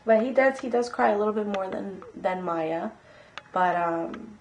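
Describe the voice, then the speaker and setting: A woman's voice: medium pitch, a little slow, a little hiss or hum. A mother vlogging at home, coaxing her baby in sing-song baby talk and chatting to the camera. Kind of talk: casual vlog chat.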